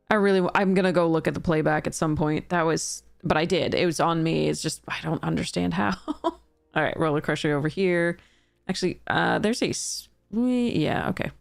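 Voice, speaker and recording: A woman's voice: lowish voice, vocal fry, smooth, dry recording, studio quality. A woman streaming a card game draft, thinking aloud in casual commentary and laughing at her own mistakes.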